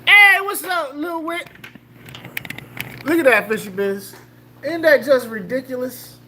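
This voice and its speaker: A woman's voice: high voice, animated, a little slow, pushed and bright, a little hiss or hum. A woman hosting a casual livestream, joking loosely with slang, laughing and greeting chatters by name. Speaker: livestream host.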